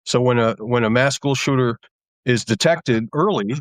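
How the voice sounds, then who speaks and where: A man hosting a political talk, halting and often restarting his sentences. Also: medium pitch, dry recording. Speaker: host.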